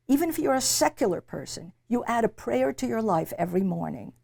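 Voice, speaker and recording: A woman's voice: a little high, big pitch swings, brisk, vocal fry, hardly any pauses, a little mellow. An older woman being interviewed, speaking emphatically and reflectively and often repeating words as she searches for a phrase. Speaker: interviewee, literature professor. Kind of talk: reflective conversation.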